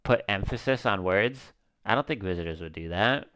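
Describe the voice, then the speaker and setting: A man's voice: fairly low pitch, animated, moderate pace, fairly bright tone. A man casually thinking aloud and swearing while commentating his own gameplay. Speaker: gaming YouTuber. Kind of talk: let's-play commentary.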